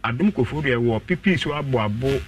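A man calling in to a radio show, telling his own story and acting out what others said with sudden jumps in pitch. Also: lively intonation, fast talker, far from the mic, soft background music. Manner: acts out quoted voices with sharp pitch jumps.

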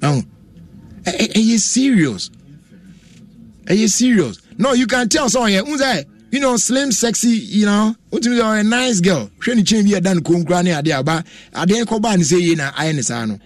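A young Ghanaian man hosting a radio talk show, talking in an animated, casual way, switching languages and exclaiming often. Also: sits high, brisk, hardly any pauses, no echo.

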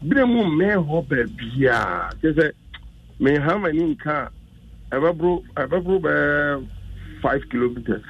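A man's voice: on the high side, lively intonation, slow pace, husky. An older Ghanaian man, a member of parliament, talking emphatically and repeating himself as a guest in a radio interview. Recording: dull, dry radio audio.

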